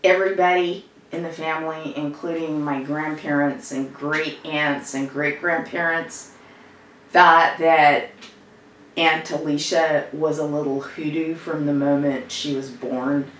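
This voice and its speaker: A woman's voice: low voice, steady tone, measured pace, a little hiss or hum. An actress improvising a woman social worker who recounts a family row in a rambling, conversational monologue. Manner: rambling, conversational storytelling with fillers. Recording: echoey room, distant mic.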